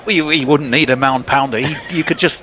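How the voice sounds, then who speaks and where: A man's voice: mid-range voice, fairly even intonation, quick pace, bright, forceful tone, a little hiss or hum. A man doing ball-by-ball cricket commentary in a playful, joking way, often laughing. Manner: playful, laughing, jokey banter.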